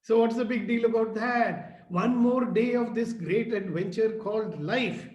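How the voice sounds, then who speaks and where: A man's voice: high-pitched, a little slow, a little mellow, highs cut off. Coaxing man on an echoey call. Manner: coaxing, asks the group questions, laughs often. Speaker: host of a morning video call. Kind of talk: motivational group talk on a call. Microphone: video call.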